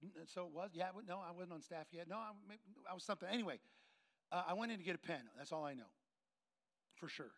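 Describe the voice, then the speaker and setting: A man preaching, telling a story and acting out the dialogue with lively, shifting voices. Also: high-pitched, fast. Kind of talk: sermon storytelling.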